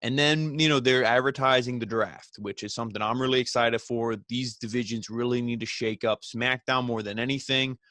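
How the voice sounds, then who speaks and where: A man talks through a wrestling episode in a loose, rambling recap, leaning on filler phrases and dropping casual swears. His voice sits at an ordinary middle pitch. The recording is close and dry, with no room sound. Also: a bit bright, no echo. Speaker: wrestling show reviewer.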